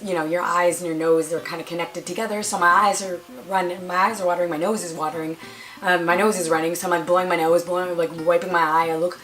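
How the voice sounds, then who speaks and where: In a fairly bright tone, a young woman shares a storytime on her vlog, keeping it chatty. She hams up her own drama and voices the quotes in a higher pitch.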